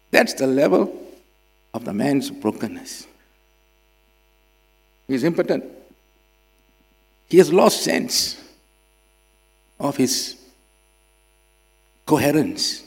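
Slow, dramatic preacher man. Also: on the high side, very animated, husky. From Singapore. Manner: dramatic swings between loud emphasis and quiet drops. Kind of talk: sermon. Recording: long hall reverb with mains hum.

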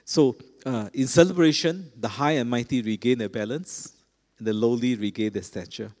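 A man's voice: mid-range voice, moderate pace, darkish tone. A middle-aged man preaching a sermon, talking to the congregation in a conversational way and often checking in with them. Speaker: pastor. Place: large church. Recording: long reverb of a large church.

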